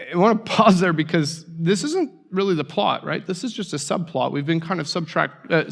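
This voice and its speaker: Man, pastor, sermon, storytelling, acts out voices, slightly high pitch, long hall reverb. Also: vocal fry, a bit bright.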